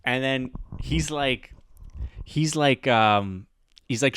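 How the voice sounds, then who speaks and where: A man chats on a podcast, spinning a casual story with plenty of laughs and quick impressions of the people in it. His voice sits at an ordinary middle pitch. It is recorded close and dry, with no room sound. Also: clean tone, no echo. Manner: animated, laughs often, acts out quoted voices. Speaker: podcast host; teacher.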